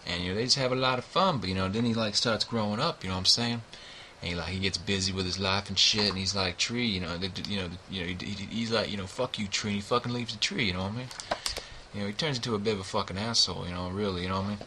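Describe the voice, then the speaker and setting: A man's voice: fairly low pitch, rapid-fire, background noise. A man giving a rambling, profane book review, peppering nearly every line with "you know what I mean.".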